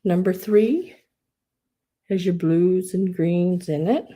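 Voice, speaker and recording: A woman's voice: on the low side, slow pace, mellow. A woman hosting a casual live sale, rambling with many fillers and restarts, a little wheezy. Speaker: live online sale host. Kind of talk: casual live sales chat.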